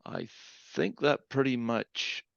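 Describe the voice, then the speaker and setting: A man's voice: mid-range voice, slow, vocal fry, smooth, dry recording, highs cut off. A male podcast host who interviews his guest in a hesitant way, with lots of fillers.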